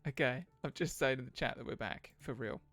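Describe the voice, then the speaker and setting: A man's voice: medium pitch, a little fast, a bit bright, faint music behind. A man narrating a tabletop game livestream as game master, hesitant and self-deprecating, with lots of fillers.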